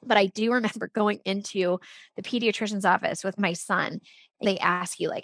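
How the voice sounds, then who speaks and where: A woman in her thirties, a podcast guest, telling a personal story in an earnest, animated way and often saying "like". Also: medium pitch, moderate pace, creaky, no echo. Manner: earnest and animated, frequent "like" fillers. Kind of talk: candid conversational storytelling.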